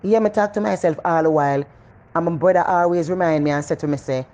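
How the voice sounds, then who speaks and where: A middle-aged woman with a Jamaican accent giving a casual motivational talk, animated and preachy, repeating phrases for emphasis. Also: low voice, fast talker. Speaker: motivational vlogger.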